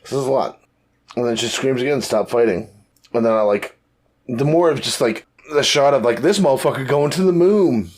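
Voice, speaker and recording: A man co-hosting a podcast in casual chat, talking in an animated, profane way and acting out quotes. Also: medium pitch, normal speed. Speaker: podcast co-host.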